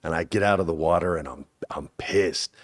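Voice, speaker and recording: This interview guest, an actor in his forties, tells his stories casually and a little fast. Acted-out quotes come with sharp jumps up in pitch.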